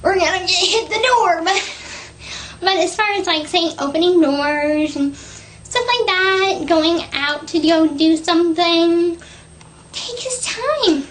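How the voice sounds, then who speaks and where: Young woman w a really high voice, slow and halting, lots of ums, earnest, recording herself on camera. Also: a little hiss or hum, poor audio. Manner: soft, hesitant, with many fillers and restarts; earnest and devoted in tone. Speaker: person recording a private video message. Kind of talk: casual spoken video message. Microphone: self-recorded video camera.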